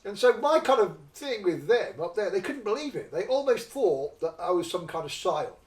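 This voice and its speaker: Man, high and lively storyteller voice, slightly off-mic in an echoey room; good for an animated guest. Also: moderate pace, far from the mic. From North East England. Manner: animated, acts out quoted voices. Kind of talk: conversational storytelling. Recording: roomy echo, somewhat off-mic.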